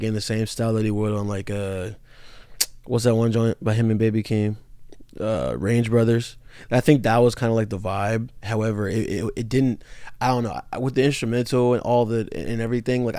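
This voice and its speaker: A man's voice: on the low side, a little mellow, smooth, no echo. A tired young man casually breaking down songs, rambling loosely with lots of fillers and restarts. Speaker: music commentator.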